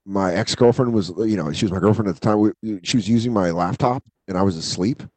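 A man's voice: lowish voice, fast talker, darkish tone, no room sound. A man co-hosting a podcast, telling stories in casual chat, swearing freely and acting out quotes in shifting voices. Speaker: podcast co-host.

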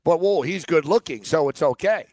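A man co-hosting a radio show, chatting casually and slipping into quoted voices as he tells stories. His voice sits a touch higher than most men's. The sound is close and dry, with no room around it. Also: moderate pace, no room sound. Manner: animated storyteller, slips into quoted voices. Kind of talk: casual banter.

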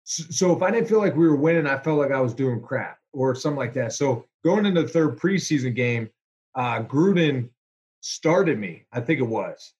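A man, a former pro quarterback, telling stories in a relaxed interview with lots of fillers. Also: mid-range voice, normal speed, muffled recording. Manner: animated, chatty storyteller with fillers. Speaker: former NFL quarterback, guest. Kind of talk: casual storytelling interview.

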